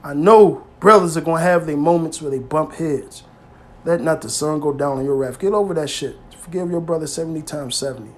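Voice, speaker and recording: A man preaching informally to his brothers, with emphatic, street-style speech that swings between loud exhortation and quiet, low asides. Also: a little fast, slight background noise. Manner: emphatic and streetwise, peppered with "man" and "hey", swearing freely. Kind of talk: informal scripture teaching.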